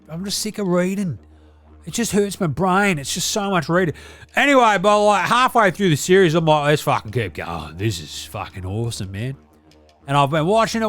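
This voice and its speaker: A man's voice: high voice, a bit bright. A man voicing a crude, boisterous dad with an Australian accent who swears freely and talks in heavy slang. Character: crude, rowdy Aussie bloke dad.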